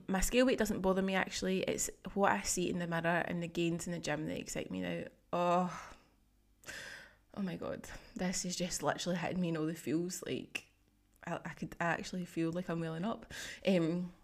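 Chatty woman, gushing and emotional. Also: lowish voice. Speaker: fitness coach and podcast host. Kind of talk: casual solo podcast, reading client feedback.

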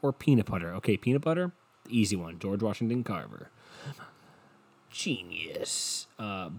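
A man's voice: on the low side, creaky, husky. A young man hosting a solo podcast into a cheap desk mic at home, rambling in a crude, self-mocking way with lots of swearing. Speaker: podcast host. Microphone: cheap desk mic, headphones.

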